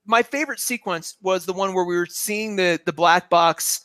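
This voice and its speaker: High-voiced excited man in casual chat. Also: normal speed, dry recording. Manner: excitable, animated, riffing. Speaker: podcast co-host.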